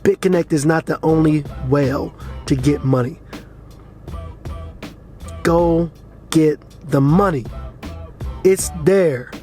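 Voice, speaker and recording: Blunt, profane man with a high voice. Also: slow, long pauses, a little mellow, faint music behind. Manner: frustrated, blunt and profane, with repeated urging. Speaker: crypto vlogger. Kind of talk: casual rant to camera.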